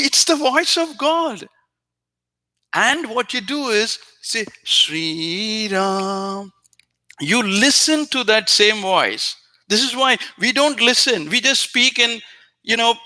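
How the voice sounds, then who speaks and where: A man hosting a spiritual show, giving an earnest, repetitive teaching talk addressed straight to a viewer, now and then softly chanting phrases. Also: high voice.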